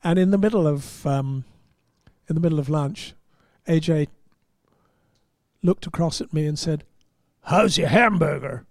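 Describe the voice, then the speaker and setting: A man's voice: on the high side, unhurried, dark tone, no echo, clean studio sound. An English man, a motorsport journalist, telling a chatty, self-deprecating story with laughter. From England. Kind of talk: storytelling anecdote.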